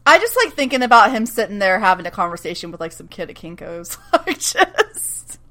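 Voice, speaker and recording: A woman in casual podcast chat, recapping a TV episode. She talks at a middling pitch, laughs often and drops swear words without a second thought. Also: very animated, fast, pushed and bright.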